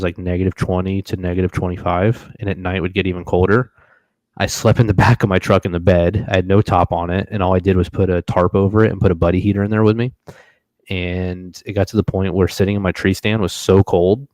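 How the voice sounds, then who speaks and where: Brief: young male host, very low voice, dry mic, animated cursing storyteller. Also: no room sound, rough recording. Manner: animated, profane, acts out his own reactions. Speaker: podcast host telling a hunting story. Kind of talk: casual storytelling on a live stream.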